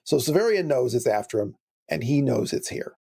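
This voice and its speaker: A man's voice: mid-range voice, very animated, fairly quick, creaky, dark tone, slightly rough. A man hosts a laid-back book discussion podcast. He talks in a chatty, meandering way and often digresses into detailed explanations. His asides carry a dry, wry humor. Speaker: podcast host.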